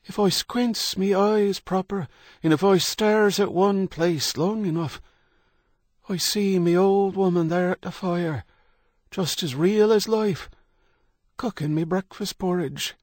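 A man's voice: sits high, slow, a little mellow, no room sound, clean studio sound, pitched above the performer's own voice. A man voicing a bitter, toothless old man with a cracked voice. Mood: wistful.

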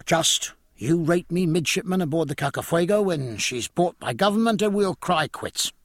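Reader as a cocky young navy man, lively and gravelly. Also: fairly high pitch, normal speed, dry recording, clean studio sound, pitched above the performer's own voice, close to an everyday voice. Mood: boastful. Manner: boastful, hearty. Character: brash young naval officer, boastful.

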